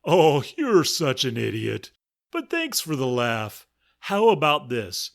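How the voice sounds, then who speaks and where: Man playing a smug, loud storybook lion who mocks everyone, big voice, lively swings. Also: medium pitch, slow pace, vocal fry, heavily acted. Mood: mocking. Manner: loud, mocking, laughing. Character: big mocking lion, lazy and arrogant.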